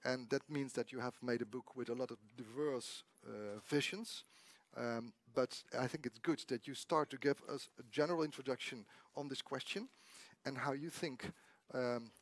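A man whose first language is Dutch, moderating a panel and formally introducing guests with many halting fillers. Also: mid-range voice, dry recording. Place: public debate hall.

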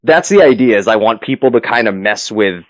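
A man's voice: fairly low pitch, lively intonation, a little fast, no room sound, poor audio. A man running a tabletop game as game master, narrating the finale and then chatting loosely with many fillers and restarts.

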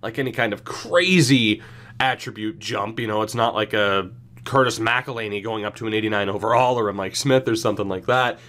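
A man's voice: fairly low pitch, brisk, a bit bright. A young man giving casual, rambling commentary on his hockey video game season, wry and often chuckling mid-sentence. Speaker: gaming YouTuber. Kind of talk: casual franchise-mode commentary.

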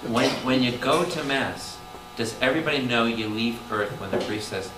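A man, a Catholic priest, teaching a lively Bible study, firing questions at his listeners and breaking into loud exclamations. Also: medium pitch, normal speed, few pauses. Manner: animated, quizzes the audience with constant questions, bursts into loud exclamations. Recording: echoey room, distant mic, audible background noise.

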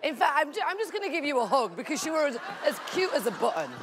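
A high, animated woman's voice bubbling over with praise, laughing easily as she banters. She is a talent show coach, heard over a clear crowd and room noise in a busy studio. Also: fast. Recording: noisy studio with audience.

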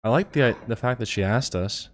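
A man's voice: medium pitch, normal speed, a little hiss or hum. A man co-hosting a movie reaction, chatting casually and cracking teasing jokes. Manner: wisecracking, teasing.

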